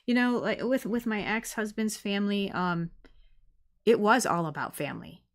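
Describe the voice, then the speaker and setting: A woman's voice: mid-range voice, moderate pace. A middle-aged woman streaming, chatting casually and rambling with many fillers as she reads viewer comments. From United States.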